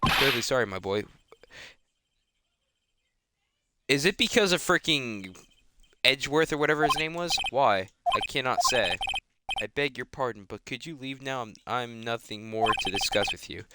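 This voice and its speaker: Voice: medium pitch, lively intonation, fairly quick, heavy background noise, natural voice. A streamer voicing a pompous, evasive older male lawyer while reading game dialogue aloud. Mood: nervous. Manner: pompous, hesitant, hushed. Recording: loud game music behind.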